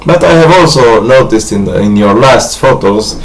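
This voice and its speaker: Halting, grandiose man. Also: medium pitch, expressive, rough recording. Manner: hesitant, halting, many restarts and fillers; grandiose, earnest monologue. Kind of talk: rambling personal video message.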